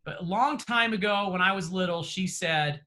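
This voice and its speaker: Bright high-voiced man, earnest trainer. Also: moderate pace. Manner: earnest, encouraging, with many fillers and restarts. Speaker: real estate trainer. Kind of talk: motivational closing remarks. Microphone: video call.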